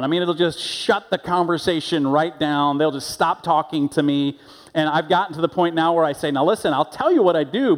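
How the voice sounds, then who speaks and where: A man's voice: a little high, big-room sound. A man preaching a sermon as a pastor, telling stories in a conversational way and acting out the voices of the people in them. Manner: conversational storytelling with animated quoted voices. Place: church sanctuary.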